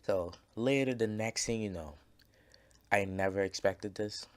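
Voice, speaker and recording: A man's voice: lowish voice, measured pace. A man casually telling a story over gameplay, rambling and swearing, with lots of fillers and restarts. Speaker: gaming channel creator.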